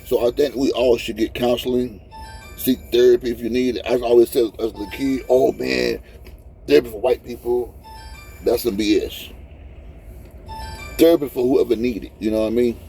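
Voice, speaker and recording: Faint music plays behind a man in his fifties, a truck driver vlogger, as he cries through a rambling, heartfelt vlog in his truck cab. His mid-range, dark voice moves fairly quickly with fairly even intonation, and he repeats himself in this casual, emotional talk.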